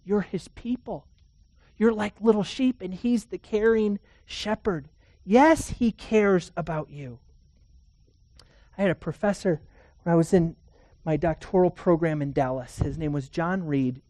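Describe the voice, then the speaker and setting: A man preaching a sermon, telling stories earnestly, swinging between emphatic declarations and hushed, quiet passages. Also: high voice, a little slow, dry recording. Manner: earnest storytelling with emphatic rises and hushed drops.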